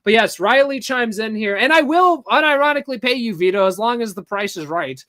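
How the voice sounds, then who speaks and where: A man's voice: very high voice, animated, brisk, pushed and bright, no room sound, studio quality. A man hosting a podcast, chatting casually and mockingly while reading chat messages aloud and laughing. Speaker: podcast host.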